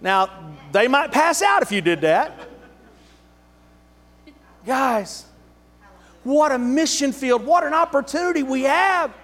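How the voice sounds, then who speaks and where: A man, a pastor preaching a fervent sermon who rises to shouts on key points and drops in joking asides. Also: very high-pitched, expressive, slow, pauses often, big-room sound. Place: church sanctuary.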